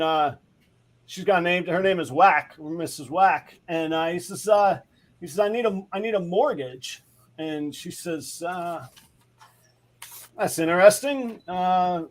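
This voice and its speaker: A man hosting a live stream, telling a long rambling joke with lots of halting fillers. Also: high-pitched. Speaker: show host.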